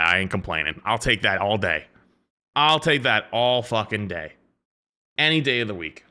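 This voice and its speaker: Casting: male streamer, bright forceful tone, rambling casual chat, casual swearing. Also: on the low side, clean tone.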